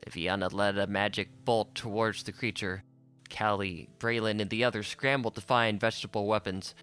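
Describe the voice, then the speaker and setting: A man narrating an audiobook in a measured, unhurried storytelling manner. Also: fairly low pitch, fairly even intonation, a bit bright, clear, resonant tone, faint music behind.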